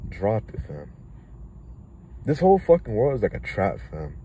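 A man's voice: fairly low pitch, huge pitch swings, moderate pace, dark tone, breathy edge, poor audio. A man in his twenties with a Toronto accent, a rapper delivering a heated, profane vlog rant that jumps from thought to thought. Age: 20s.

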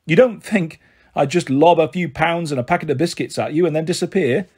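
A bustling, big-hearted auntie who runs a pub, as a man reading aloud puts her on. She talks frankly and jollily in a lifted, slightly husky voice. A storybook reading. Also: on the high side, brisk. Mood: hearty. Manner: warm, jolly, frank.

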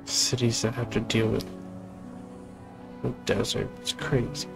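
This gaming channel host has a lowish, gravelly voice with little pitch movement, and he takes his time. He reads out a text adventure, then breaks off to chat casually about the game. Music plays underneath, and the recording is rough.

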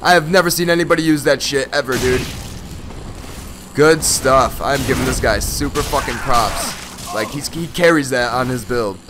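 A young man giving excitable, profane live commentary over his own gameplay, often bursting into shouts. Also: medium pitch, unhurried, background noise. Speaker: gaming channel host.

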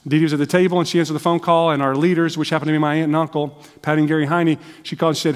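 A man's voice: fairly high pitch, flat delivery, rapid-fire, hardly any pauses, clear, resonant tone. A man preaching a sermon in a church, telling personal stories in a conversational way. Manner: conversational storytelling with restarts. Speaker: missionary preacher. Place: church sanctuary. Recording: church hall with long reverb.

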